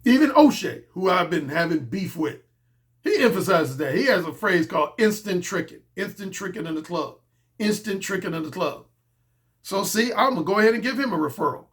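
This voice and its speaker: A man's voice: high-pitched, animated, a little fast, fairly bright tone. A man speaking as a dating coach in a blunt, casual monologue, emphatic and profane, often repeating his key points.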